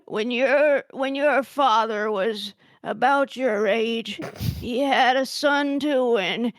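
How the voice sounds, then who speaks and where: A woman putting on the voice of a sweet-talking, meddling old grandmother, drawn out and slow. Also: fairly high pitch, dry recording, low-quality recording. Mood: sweetly scolding. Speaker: podcast host.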